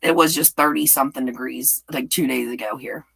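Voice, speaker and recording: A woman's voice: a bass voice, steady tone, brisk, creaky, a bit bright, breathy edge, low-quality recording. A woman hosting a rambling, casual live chat and reading viewer comments aloud. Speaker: livestream host.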